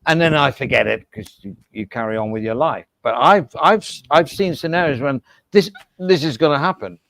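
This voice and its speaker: A man's voice: mid-range voice, moderate pace, fairly bright tone, no room sound. A man chatting casually on a live stream, rambling and laughing over a few beers, with the hiccups. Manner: rambling, laughing, swearing, drinking beer.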